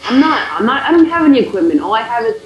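High-voiced man teasing in game chat. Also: big pitch swings, rapid-fire, lo-fi sound, a little hiss or hum. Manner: teasing, repeats himself. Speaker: game player. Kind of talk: casual gaming chat. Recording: roomy echo.

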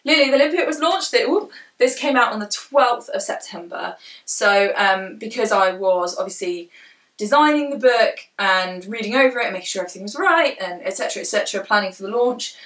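Speaking animatedly and fairly quickly in a mid-range, fairly bright voice, a young southern English woman who vlogs about books and writes indie fiction rambles to camera, using lots of fillers. Rain falls outside her room at home, and the echoey recording puts her some distance from the microphone.

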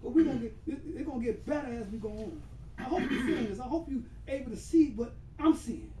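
An imam preaching a storytelling sermon, unhurried and conversational, with sudden emphatic bursts. His voice sits high yet mellow. It comes from a distance through a large reverberant room. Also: a little hiss or hum. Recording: roomy hall, voice far from mic.

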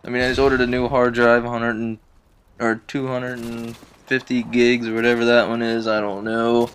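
A man's voice: medium pitch, monotone, moderate pace, a bit bright, smooth. A man giving casual gameplay commentary, venting his frustration in rambling, profane talk full of fillers. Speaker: gaming video uploader.

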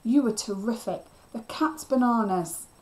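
A woman voicing a brave young girl, a bossy big sister, talking in shrill yells. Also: measured pace, lightly acted. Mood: plain girlish. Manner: shrill yelling.

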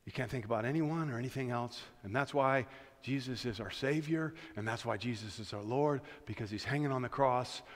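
A man preaching a sermon as pastor, dropping to a hush and then building to shouts, repeating his key phrases. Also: medium pitch, brisk. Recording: long church reverb.

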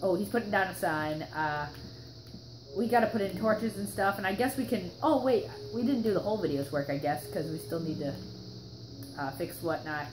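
A woman's voice: mid-range voice, lively intonation, moderate pace, background noise. Rambling young woman with a sore throat. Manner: rambling and chatty, many fillers and restarts. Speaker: gaming channel host. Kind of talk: casual gameplay commentary. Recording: roomy echo with background music.

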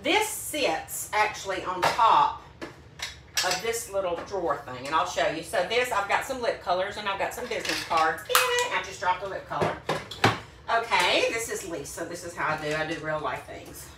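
A woman's voice: lowish voice, big pitch swings, moderate pace, heavy background noise. A woman selling beauty products, talking casually and upbeat to her phone camera at home. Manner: chatty, upbeat, says "like" often. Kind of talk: casual vlog.

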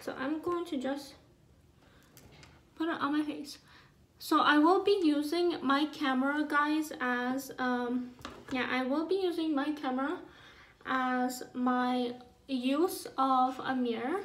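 A woman's voice: high-pitched, steady tone, takes it slowly, reverberant. A teenage girl in a casual makeup vlog at her homework table, filmed on her phone, chatty, rambling and often apologizing. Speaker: beauty vlogger. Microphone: phone camera.

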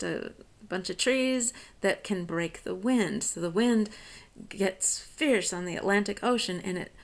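An American woman, a college professor, reads a poem slowly and then explains it line by line in a relaxed, conversational lecture. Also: medium pitch. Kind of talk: lecture on a poem, reading lines aloud and explaining.

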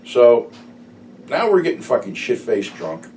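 A middle-aged man spins crude, meandering stories with a lively, swinging voice. He sits a little back from the microphone, and a faint background hiss runs under his casual chat. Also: medium pitch, unhurried. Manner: profane, rambling storytelling. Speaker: YouTube storyteller. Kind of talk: casual anecdote telling. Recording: slightly distant mic, faint room noise.

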